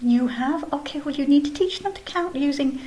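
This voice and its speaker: A woman teaching a kindergarten video lesson, explaining patiently in a gentle, sing-song way. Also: high-pitched, normal speed. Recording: echoey room, faint background ambience.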